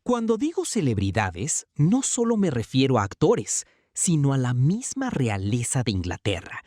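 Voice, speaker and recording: A woman's voice: very deep voice, wildly swooping pitch, normal speed, warm tone, a little hiss or hum. A woman giving scripted voice-over narration with dramatic emphasis.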